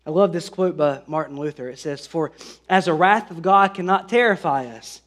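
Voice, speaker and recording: A man's voice: a little high, normal speed, a bit bright. A man preaching a sermon in an earnest way, with fillers and restarts, lifting his voice for scripture. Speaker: pastor.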